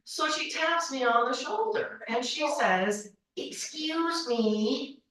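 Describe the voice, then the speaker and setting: In an echoey banquet hall, heard from a distance, a forties-aged woman tells humorous stories at a measured pace. She's lively, voicing the characters' quoted lines in a high pitch.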